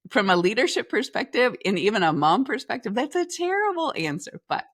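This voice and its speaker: A woman guest on an interview show, telling a personal story in a lively way and acting out the dialogue. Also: a little high, fairly quick, dry recording, studio quality. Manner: talks through restarts and filler phrases. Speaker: podcast guest, leadership coach.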